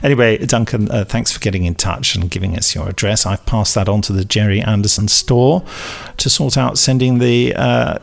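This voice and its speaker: A man's voice: fairly low pitch, moderate pace, gravelly, hardly any pauses. A man co-hosting a podcast in casual chat, reading out listener emails and laughing at his own slips. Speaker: podcast co-host.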